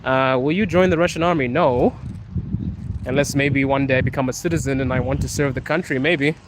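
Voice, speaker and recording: A man's voice: mid-range voice, fairly quick. A young man hosting a casual live stream outdoors on a city street, talking into a phone at arm's length, reading viewer comments aloud in a laid-back, playful way and laughing often. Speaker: livestream host. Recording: street traffic noise behind.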